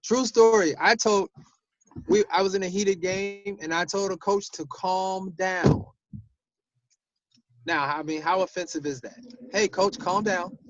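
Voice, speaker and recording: A sports official telling a story in a casual group discussion, animated and given to repeating himself. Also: male voice, high-pitched, a little slow, pauses often, no room sound, muffled recording.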